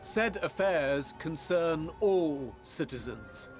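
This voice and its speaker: Brief: a grave assembly chairman, measured and slow, slightly high, game score behind. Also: animated, soft background music. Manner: stately, formal oration. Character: formal male chairman addressing an assembly.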